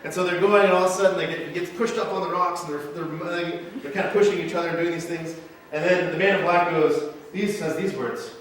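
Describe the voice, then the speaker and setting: Animated pastor in an echoey sanctuary. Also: male voice, sits high, brisk, a little hiss or hum. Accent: Midwestern American. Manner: animated storytelling, acting out movie quotes. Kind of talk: sermon. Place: church sanctuary. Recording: echoey church sanctuary, mic at a distance.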